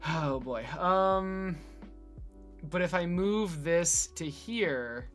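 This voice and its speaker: A man thinking out loud in a casual screen-recorded build log, hesitant with many fillers and restarts, from his room at home. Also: high-pitched, expressive, very slow, faint music behind. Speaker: hobbyist robot builder. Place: bedroom at home.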